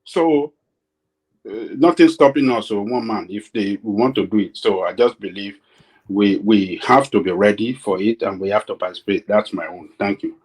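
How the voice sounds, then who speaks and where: A man's voice: fairly low pitch, moderate pace, a little mellow, husky, dry recording. A male caller making casual, blunt comments on a call-in show. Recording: noisy call line.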